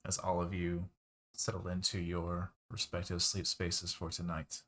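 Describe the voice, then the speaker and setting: A man with a lowish voice runs a tabletop game as its game master. His narration is relaxed and wry, with casual fillers. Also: a little slow, a little hiss or hum.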